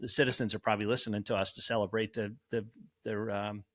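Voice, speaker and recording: Guy co-hosting a podcast, wry little jokes, bright edge to his voice. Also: lowish voice, level tone, quick pace. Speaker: podcast co-host. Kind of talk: casual chat.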